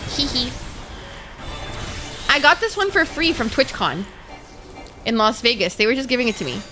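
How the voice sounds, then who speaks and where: A young woman streaming a game, chatting casually with her viewers, swearing freely and reacting excitably. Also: on the high side, normal speed, over music. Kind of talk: casual live-stream chat.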